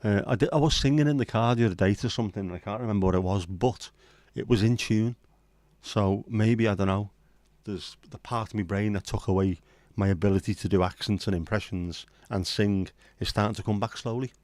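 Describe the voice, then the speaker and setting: A man's voice: fairly low pitch, fairly quick, darkish tone, dry recording. A man hosting a casual livestream chat, chatty and sweary with self-deprecating humour. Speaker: livestream host.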